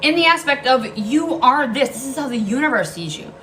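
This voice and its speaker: A woman's voice: sits high, lively intonation, a little fast, a bit bright, faint music behind, poor audio. A woman giving a casual tarot reading, blunt and emphatic, swearing freely and repeating key lines for emphasis. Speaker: tarot card reader.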